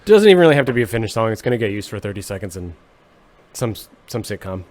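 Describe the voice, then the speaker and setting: A man who is a musician, a guest on a comedic podcast, telling stories in a deadpan, mock-serious way. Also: lowish voice, fast. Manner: deadpan joking, exaggerated mock-serious bits.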